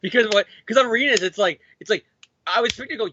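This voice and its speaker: A man with a high, bright voice that jumps all over as he rants and swears about comics. He talks fast in asides, close on a dull, dry, lo-fi mic. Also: a little hiss or hum. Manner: profane, ranting, fast asides. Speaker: podcast co-host. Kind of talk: casual comic book chat.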